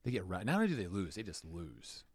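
Lively man leading a Bible study. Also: fairly low pitch, rapid-fire, slight background noise. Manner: animated storyteller, jokes with the group. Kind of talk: casual Bible teaching.

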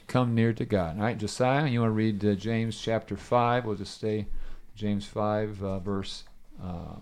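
Middle-aged guy, lowish voice, leading a bible study and telling stories. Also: measured pace. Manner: animated storyteller, asks listeners questions. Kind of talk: casual Bible study teaching.

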